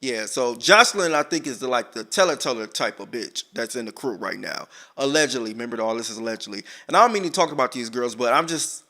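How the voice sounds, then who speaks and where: A man's voice: mid-range voice, expressive, fast talker, hardly any pauses, pushed and bright. A young man in casual vlog commentary, telling the story profanely with lots of asides. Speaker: vlogger reviewing a documentary.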